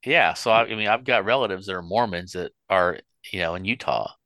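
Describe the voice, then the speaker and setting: A middle-aged man with a low, bright, forceful voice rambles through stories in a casual chat, full of restarts. The sound is close and dry. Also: a little fast, no room sound. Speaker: podcast co-host.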